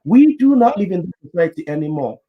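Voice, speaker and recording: A man with a somewhat high voice talks through his point on a discussion panel, earnest and deliberate, circling back over words as he goes. The sound is muffled and lo-fi. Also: sing-song, breathy edge. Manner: earnest, explanatory, repeats words as he builds a point. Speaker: panelist and therapist.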